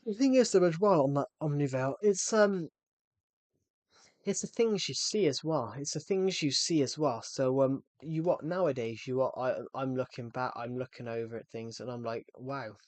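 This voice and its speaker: A man's voice: medium pitch, normal speed, a little mellow, no room sound. A young man, chatting casually with his viewers during a livestream and often repeating himself. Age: 20s. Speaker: game streamer.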